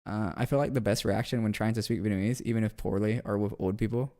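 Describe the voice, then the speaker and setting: A man's voice: lowish voice, steady tone, fast talker, warm tone. A man chatting casually on a stream in a slangy, laid-back way, reacting to chat and often restarting his words.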